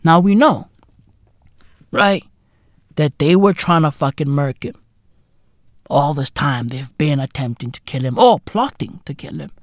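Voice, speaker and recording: A man hosting a podcast, ranting solo with loud swearing, swinging between shouts and low muttering. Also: lively intonation, a little slow, pauses often, dry recording, clean studio sound. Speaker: podcast host. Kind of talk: solo comedic rant.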